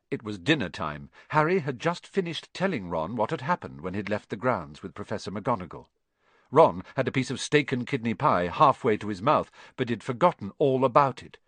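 Man, audiobook narration, expressive, lively pitch, dry close sound. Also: moderate pace, no room sound. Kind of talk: scripted narration.

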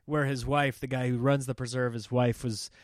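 Male podcast comic, middle-aged, animated anecdote teller, average pitch, dry booth sound. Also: moderate pace, no room sound. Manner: animated, acts out quotes in raised voices. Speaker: comedian podcast host. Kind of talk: comic storytelling.

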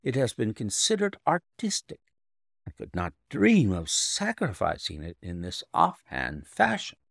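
A man reading an audiobook, voicing a young governess who tells her story in a proud, firm, measured way. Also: fairly low pitch, wildly swooping pitch, gravelly, fairly bright tone, no echo, clean studio sound, heavily acted. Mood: earnest.

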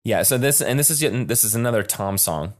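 A man co-hosting a podcast in casual chat, animated and halting, often restarting his sentences. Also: lowish voice. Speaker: podcast co-host.

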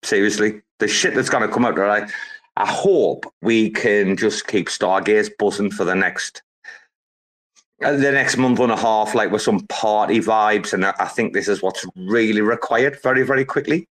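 A man's voice: fairly low pitch, normal speed, a bit bright. A man hosting a casual live audio-room chat, rambling, swearing heavily and hyping things up. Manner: profane, rambling, hyped-up. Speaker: host.

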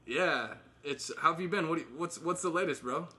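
A man's voice: fairly high pitch, a little fast, sharp tone, a little hiss or hum. A man in his thirties casually catching up with old friends, rambling with fillers and laughing often. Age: 30s. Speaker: host.

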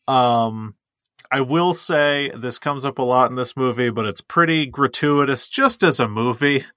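A man's voice: medium pitch, measured pace, sharp tone, no room sound, studio quality. A man co-hosting a podcast, talking films in a wry, sarcastic manner. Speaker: podcast co-host. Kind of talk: casual film discussion.

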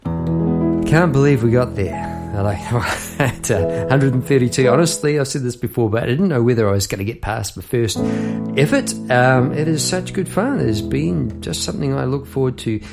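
Gravelly-voiced man rambling on tangents. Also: medium pitch, animated, normal speed, over loud music. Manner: chatty, jokey, goes off on tangents with frequent laughs. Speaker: songwriter and podcast host. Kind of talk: rambling casual monologue. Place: home room at a piano.

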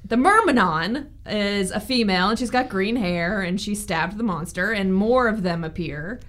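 A woman co-hosting a casual book podcast, recapping chapters with blunt, frank opinions. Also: medium pitch. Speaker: podcast co-host. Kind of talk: casual book-club chat.

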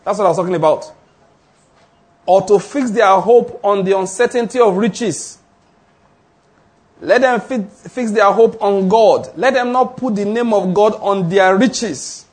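A man preaching a sermon. He teaches emphatically, slowing down on key phrases and repeating declarations. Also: high-pitched, breathy edge. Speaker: pastor.

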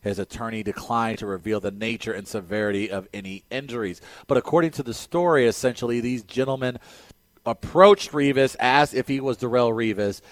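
An animated man co-hosts a sports talk show and punches out his opinions with emphasis. His voice sits at a middle pitch, recorded close and dry in the studio. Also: no echo. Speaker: sports radio co-host.

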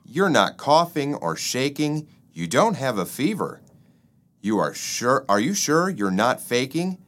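A man's voice: medium pitch, sing-song, a little slow, a bit bright, pitched above the performer's own voice. A man voicing Ed, an earnest male flea anxious to get his neighbour to flee the dog. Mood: pleading. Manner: anxious, pleading.

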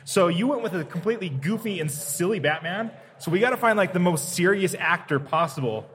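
A man's voice: high voice, expressive, fairly quick, a bit bright, a little hiss or hum. A man co-hosting a podcast live at a comic convention, steering the chat with stammering restarts. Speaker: podcast co-host.

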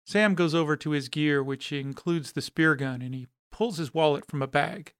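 A man hosting a podcast, narrating a story in a steady, descriptive way. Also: fairly high pitch, moderate pace, clean tone.

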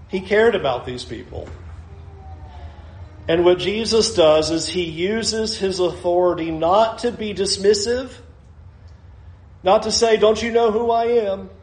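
A man's voice: high-pitched, slow, long pauses, roomy sound. A male pastor preaching a sermon, asking rhetorical questions and acting out the voices of people in the story.

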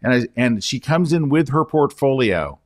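Man telling an animated story. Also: medium pitch, moderate pace. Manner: animated anecdote-telling, addressing the host by name. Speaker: guest photography educator. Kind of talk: casual interview storytelling.

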